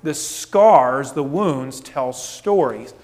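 A man's voice: medium pitch, expressive, extremely slow, darkish tone, big-room sound. A male pastor preaching a sermon, emphatic and full of rhetorical questions.

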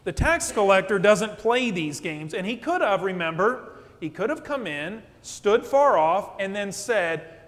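A man preaching a sermon as pastor, animated and conversational, often checking in with "okay?". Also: high voice, measured pace. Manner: animated preaching, acts out quotes, asks "okay?". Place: church sanctuary. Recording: long church reverb.

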